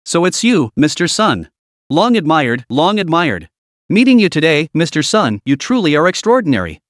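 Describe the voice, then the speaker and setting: A man voicing a cocky, flippant young man who teases with deadpan mockery in a story recap. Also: on the high side, normal speed, no echo, studio quality. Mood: mocking. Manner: mocking, deadpan teasing.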